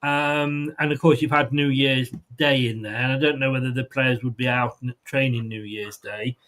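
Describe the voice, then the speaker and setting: A man's voice: mid-range voice, steady tone, moderate pace, fairly bright tone. A man hosting a football prediction show, chatting casually and rambling with frequent ums and restarts. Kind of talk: casual chat.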